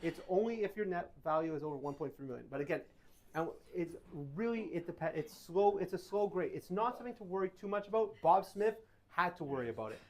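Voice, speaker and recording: A man giving casual Q&A answers to a live audience, telling animated stories and correcting himself as he goes. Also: high-pitched, quick pace. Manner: animated storytelling, self-correcting. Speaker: tax advisor speaker. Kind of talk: casual Q&A talk.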